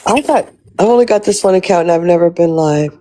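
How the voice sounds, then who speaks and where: A woman's voice: on the low side, expressive, fast talker, dark tone, slight background noise. A woman live-streaming, chatting casually with her viewers and reading their comments, blunt and rambling, swearing freely.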